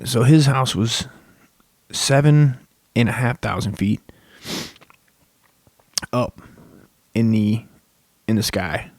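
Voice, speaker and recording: A man's voice: mid-range voice, slow, pauses often, a little mellow, no echo. A young man delivers a loose, profane comedic rant as a podcast host, swearing constantly and drifting from one tangent to the next. His voice sits in an ordinary middle register, and he is recorded close on a dry mic with no room sound. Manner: crude, rambling, swears constantly. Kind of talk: rambling profane comedic monologue.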